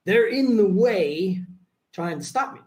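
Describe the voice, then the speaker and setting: A man with a notably high speaking voice, chatting as a podcast guest. He rambles loosely, swears freely and keeps laughing in the middle of his sentences. The talk is casual and unscripted. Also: animated, slow, a little mellow, low-quality recording. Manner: rambling and profane, laughs often mid-sentence. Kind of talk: casual conversation.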